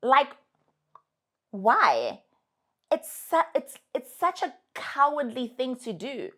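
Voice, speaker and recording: A woman's voice: sits high, takes it slowly. A young adult woman with a South African accent, giving casual, emphatic advice to her followers. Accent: South African English. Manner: animated, emphatic, sassy.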